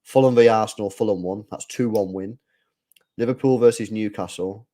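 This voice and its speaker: Reading chat aloud and chatting casually in slang, this man runs a live football watch-along and erupts in excited outbursts during tense moments. His voice is on the low side and his pace is moderate.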